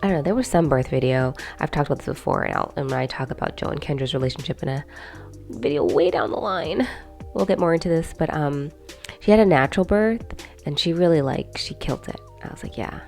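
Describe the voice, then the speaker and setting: A woman's voice: sits low, fast talker, creaky, a little mellow, soft background music. A young woman hosting her own video, chatting casually to camera and rambling with lots of fillers and asides. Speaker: video host.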